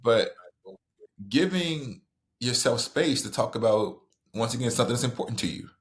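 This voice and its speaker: A middle-aged man from the American South with a Southern accent, an author guest telling a story in conversation, lively and full of restarts. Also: mid-range voice. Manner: animated, quick storytelling with many restarts.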